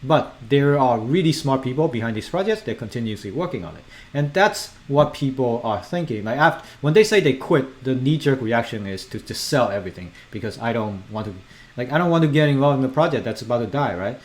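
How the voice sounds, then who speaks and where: A man giving casual, animated commentary as a crypto video host, emphatic and repetitive as he reassures viewers. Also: medium pitch, fairly quick. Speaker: crypto YouTuber.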